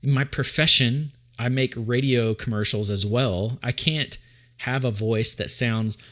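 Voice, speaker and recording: A man's voice: mid-range voice, measured pace, fairly bright tone. A man from Tennessee hosting a casual podcast, playful and talkative, often restarting his sentences. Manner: playful, trails off and restarts, breaks into sung jingles. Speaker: podcast host. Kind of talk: casual chat.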